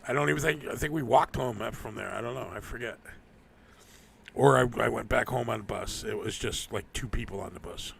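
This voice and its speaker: A man's voice: mid-range voice, brisk, creaky, a little hiss or hum. A man hosting a live stream, rambling through a casual, profane rant and laughing often. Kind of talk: casual ranting monologue.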